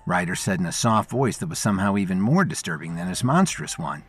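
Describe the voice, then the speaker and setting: A man narrating a story in scripted, expressive storytelling. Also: low-pitched, fairly quick, slightly rough, faint music behind.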